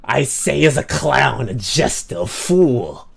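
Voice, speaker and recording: A man's voice: medium pitch, very animated, slow pace, gravelly, slightly rough, full character voice. A man putting on a hammy Italian mob boss voice with a mock New York mobster accent, joking and stumbling over words. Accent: put-on New York Italian mobster.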